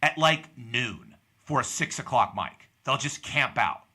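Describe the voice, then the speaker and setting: A man's voice: mid-range voice, animated, unhurried, pushed and bright, breathy edge. A young man from Pittsburgh, hosting a podcast and telling a story in casual chat, acting out the people he quotes. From Pittsburgh, USA. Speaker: podcast host.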